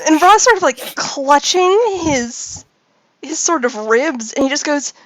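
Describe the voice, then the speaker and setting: Woman game master for a tabletop game. Rambling, filler-heavy narration, high animated pitch, dry sound. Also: measured pace, no room sound.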